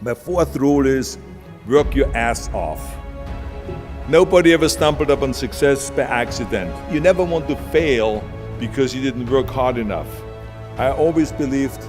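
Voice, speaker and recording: A man with an Austrian accent giving an emphatic, punchy motivational speech, with long hall reverb and music behind. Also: medium pitch. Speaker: motivational speaker.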